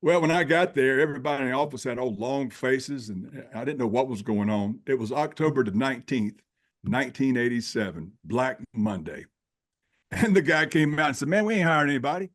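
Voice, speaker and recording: A man's voice: mid-range voice, moderate pace. A man in his sixties, a podcast guest, telling his life story in a folksy, plain-spoken way and acting out the dialogue. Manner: animated storyteller who acts out dialogue. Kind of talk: personal storytelling.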